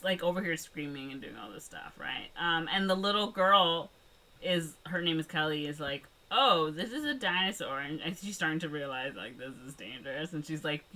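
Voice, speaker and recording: A woman co-hosts a podcast and retells a movie plot in a loose, rambling chat full of "like" and "um". Her voice sits fairly low, but it has a bright, forceful edge. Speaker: podcast co-host. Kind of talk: casual movie recap chat.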